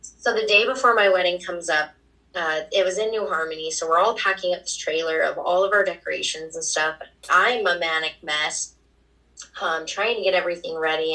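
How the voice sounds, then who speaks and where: Distant gravelly woman telling her story. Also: low voice, sharp tone. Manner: emotional, quick-paced storytelling. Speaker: guest. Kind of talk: personal storytelling.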